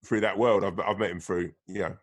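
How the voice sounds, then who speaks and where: Sweary man, low voice. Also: brisk, slightly rough. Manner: sweary, animated storyteller. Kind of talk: casual chat.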